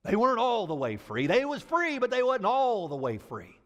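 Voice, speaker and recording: Dramatic high-voiced preacher man. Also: huge pitch swings, normal speed, fairly bright tone, muffled recording. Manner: dramatic and emphatic, folksy phrasing. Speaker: pastor. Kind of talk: sermon. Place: church sanctuary. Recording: long church-hall reverb.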